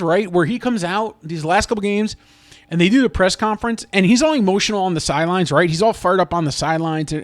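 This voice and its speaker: A man's voice: sits high, a bit bright. A man venting in a casual sports vlog, rambling and frustrated, with many restarts. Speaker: sports fan vlogger.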